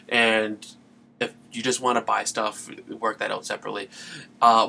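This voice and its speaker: A man's voice: mid-range voice, vocal fry, pushed and bright, a little hiss or hum. A man hosting a gaming podcast, talking in a loose, chatty way with lots of fillers. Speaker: podcast host. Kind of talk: casual solo podcast talk.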